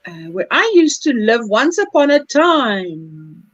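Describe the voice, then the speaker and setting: A woman's voice: fairly high pitch, big pitch swings, slow, dry recording, dull audio. A woman hosting a crochet livestream, chatting casually, laughing often and reading viewer comments aloud. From South Africa.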